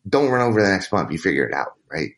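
A man with a fairly low voice talks as a guest in an interview. He tells a candid personal story in a rambling way, with restarts and quoted dialogue. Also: sing-song, quick pace, fairly bright tone.

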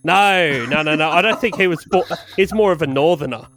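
A man's voice: fairly high pitch, fairly quick, fairly bright tone, faint music behind. A man hosting a crude comedy game show, brash and sweary, laughing often.

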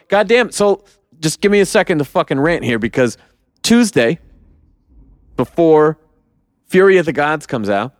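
A young man rants heatedly about a movie, swearing freely and slipping into mocking voices. His voice sits fairly high and sounds smooth and clear. The sound is dry, close and free of room echo. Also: expressive, fairly quick. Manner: profane, heated ranting with mocking quoted voices. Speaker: podcast co-host. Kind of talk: casual movie review rant.

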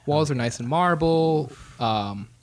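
A man's voice: fairly high pitch, animated, takes it slowly, no echo. A man narrating as game master in a tabletop game, casual and rambling.

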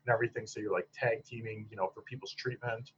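In a fairly low, slightly rough voice, a psychologist guest talks rapid-fire yet keeps a steady tone. He's from Michigan's Upper Peninsula and tells stories in an easygoing interview, chatting with lots of fillers and laughing at his own stories, on a dull lo-fi recording.

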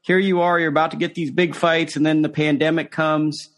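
Higher-voiced male interview host. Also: little pitch movement, brisk, fairly bright tone. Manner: conversational, rambling questions with fillers. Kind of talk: casual interview questions.

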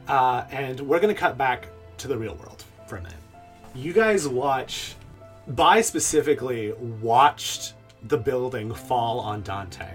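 A man runs a tabletop game and narrates the scene at an easy pace, filling gaps with little pauses. His voice sits in a middle range, with faint music under it. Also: mid-range voice. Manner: relaxed, with many "uh" pauses. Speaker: game master.

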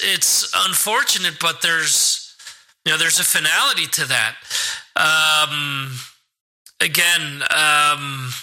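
A man's voice: on the high side, sharp tone, poor audio. A man hosting a podcast, talking casually on his own, rambling with lots of restarts and fillers. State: hiccuping. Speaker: podcast host. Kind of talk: casual solo podcast talk.

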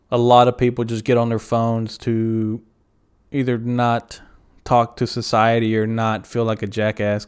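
Rambling, cursing young man with a smooth voice. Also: fairly low pitch. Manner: rambling, profane, self-deprecating. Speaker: podcast host. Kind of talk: casual storytelling monologue.

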